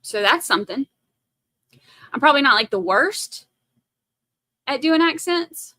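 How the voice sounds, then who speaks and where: A woman's voice: high-pitched, animated, measured pace, sharp tone, no room sound, rough recording. A woman from Massachusetts hosting a livestream, chatting casually and joking at her own expense while reading viewer comments aloud. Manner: jokey, self-teasing, reads viewer comments aloud. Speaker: livestream host.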